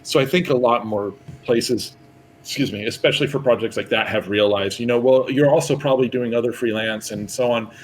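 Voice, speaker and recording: A man's voice: medium pitch, a little fast, slight background noise, rough recording. A man, a guest artist, talking candidly in a casual podcast chat, rambling and laughing often.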